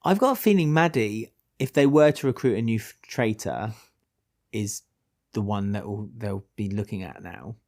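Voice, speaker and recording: A man with a Welsh accent, co-hosting a podcast in casual chat, animated and full of restarts. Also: normal speed. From Wales. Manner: animated, chatty, with many restarts and sudden pitch jumps. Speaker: podcast co-host.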